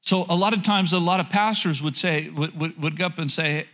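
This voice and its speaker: Chatty preaching man, fairly high voice. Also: quick pace, few pauses, fairly bright tone. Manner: conversational, repeats phrases, asks the congregation questions; candid and lightly joking. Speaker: pastor. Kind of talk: sermon.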